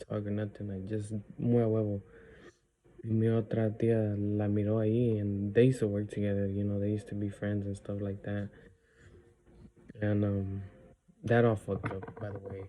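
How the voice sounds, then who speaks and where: A man's voice: fairly low pitch, warm tone, slight background noise, low-quality recording. A man telling a personal story in a casual vlog. He talks bluntly, curses, leans on filler words and drops in Spanish phrases. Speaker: vlogger.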